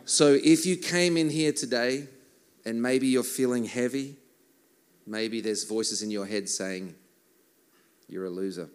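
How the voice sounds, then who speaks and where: A man's voice: mid-range voice, unhurried, clean tone. A man, a worship musician chatting between songs at a church service in a joking, self-mocking way. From Australia. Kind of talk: casual stage banter between songs.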